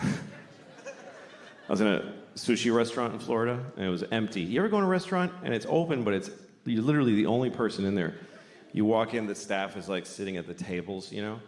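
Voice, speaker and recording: A man performs a stand-up set on a theater stage before a laughing audience, talking bluntly and profanely in a loose, conversational way with exaggerated rants. His voice is fairly low, animated and a little fast. The live hall is reverberant and full of crowd noise.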